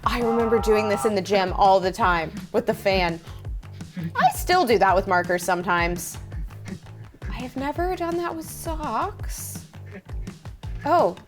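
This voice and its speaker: A woman's voice: medium pitch, very animated, a little slow, pauses often, music in the background. A young woman hosting a reaction video, chatting casually and reminiscing, easily amazed by what she sees.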